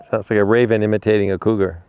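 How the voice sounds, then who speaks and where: Rambling man with a smooth voice. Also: lowish voice, little pitch movement, fast talker, darkish tone, muffled recording. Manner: rambling, repeats and restarts words; talks fondly to a dog. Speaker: animal rescuer. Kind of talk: casual storytelling while feeding a dog.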